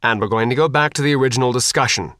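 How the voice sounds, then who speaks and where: A man reading an audiobook, voicing a gruff male cook who protests at being given command. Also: mid-range voice, moderate pace, pushed and bright, no room sound, studio quality. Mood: protesting. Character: grumbling male cook, reluctant.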